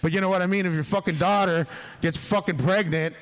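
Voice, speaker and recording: Podcast guest, man with a slightly high voice, profane and rambling. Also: steady tone, a little fast, clean tone. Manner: profane, rambling, laughs through his stories. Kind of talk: casual storytelling.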